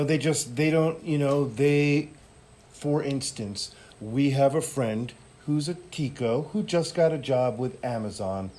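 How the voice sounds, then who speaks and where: A young adult man in a casual interview, speaking in an easygoing, measured way with many "you know" fillers. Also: mid-range voice, warm tone. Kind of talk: casual conversation.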